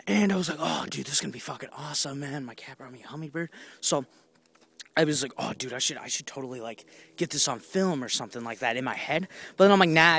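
A man's voice: on the high side, a bit bright. A young man telling rambling stories outdoors while walking, swearing often and acting out what people said. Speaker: vlogger. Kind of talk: casual storytelling on a walk. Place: outdoors on a walk.

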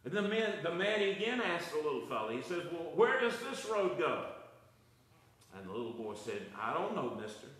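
A man's voice: a little high, very animated, normal speed, fairly bright tone, heavy reverb, poor audio. A man preaching a Bible study sermon as pastor, his delivery rising and falling for emphasis. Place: church.

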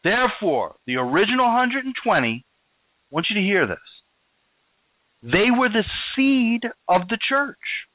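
A male preacher delivers his sermon emphatically, his voice swinging up and down with animated pitch. He sits a little high for a man. The sound is dry and thin, like a broadcast heard over a phone line. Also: unhurried, no room sound. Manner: emphatic, rising and falling preaching cadence.

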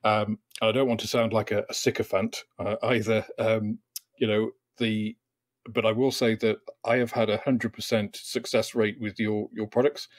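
A man's voice: fairly low pitch, level tone, moderate pace, no echo. A man hosting a casual interview, speaking with many ums and restarts. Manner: hesitant, many fillers and restarts. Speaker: host.

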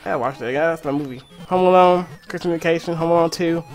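A man chatting casually on a live game stream from home, animated and excitable, often laughing. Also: a little high, fast, faint music behind. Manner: animated, excitable, often laughing and breaking into movie-line impressions. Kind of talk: casual live-stream chat while playing.

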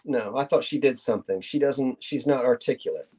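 A man's voice: medium pitch, a little fast, a little mellow, breathy edge. A middle-aged man hosting a live online sale, chatty and playful as he shows old cards. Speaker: auction host.

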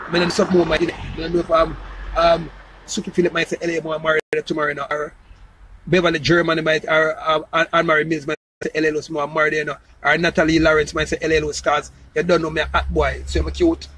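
A man's voice: fairly high pitch, level tone, fairly quick, a bit bright, a little hiss or hum, low-quality recording. A man with a Jamaican accent in a loose, rambling casual monologue, repeating himself and often asking if you understand. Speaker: entertainer promoting his new song.

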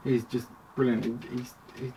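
A man's voice: mid-range voice, flat delivery, moderate pace, dark tone. Man rambling through a toy review. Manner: rambling, chatty, self-interrupting. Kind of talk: casual toy review vlog. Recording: distant mic with clear background noise.

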